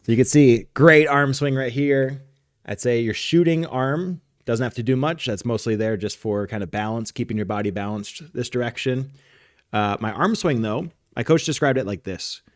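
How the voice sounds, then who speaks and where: A man's voice: mid-range voice, moderate pace, no room sound, studio quality. A man co-hosting a soccer podcast, explaining technique while demonstrating it in a casual, instructional way. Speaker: soccer coach and podcast co-host.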